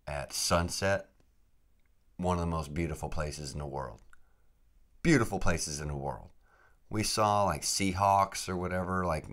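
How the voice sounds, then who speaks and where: Very deep-voiced man rambling casually. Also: fairly bright tone. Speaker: podcast host.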